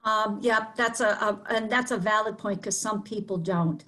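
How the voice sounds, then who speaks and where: Woman, Boston accent, author guest, earnest, explanatory, frequent ums, mid-pitched. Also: moderate pace, a bit bright. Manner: earnest, explanatory, many fillers. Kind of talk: interview conversation.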